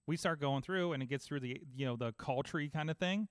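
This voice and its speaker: A man in casual podcast chat, telling an animated story and acting out both sides of phone calls. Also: a little high, brisk, clear, resonant tone, no echo. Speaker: podcast host.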